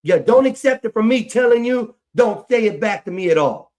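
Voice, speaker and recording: A man's voice: high voice, lively intonation, moderate pace, darkish tone. A grown man ranting on a livestream, profane and frustrated, repeating himself as he vents. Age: adult. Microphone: streaming mic.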